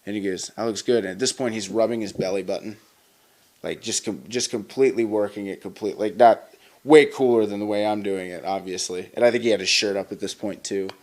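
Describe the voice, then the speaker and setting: A man's voice: fairly low pitch, fairly even intonation, fairly quick. A man in his twenties, a wrestler being interviewed, telling stories casually with lots of fillers and restarts. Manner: rambling, many fillers and restarts. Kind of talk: casual storytelling.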